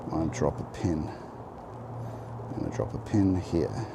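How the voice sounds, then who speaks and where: A very deep male voice with lively intonation, vocal fry, and a moderate pace carries this walking vlog. Speaking with a General Australian accent, he rambles reflectively to viewers as he navigates a rainy walk near a road, umbrella in hand. His handheld camera captures background noise too.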